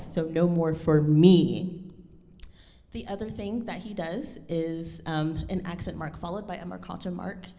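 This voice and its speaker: A woman's voice: fairly low pitch, dark tone, in a large hall. A woman giving a lecture recital, speaking thoughtfully and correcting herself with frequent ums. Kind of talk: lecture presentation.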